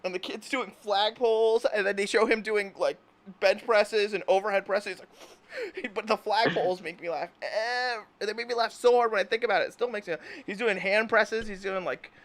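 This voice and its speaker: With a high, fairly bright voice at a moderate pace, a man leads a casual conversation. He wanders through anecdotes, laughs nonstop, and voices silly imagined dialogue, giggling as he talks.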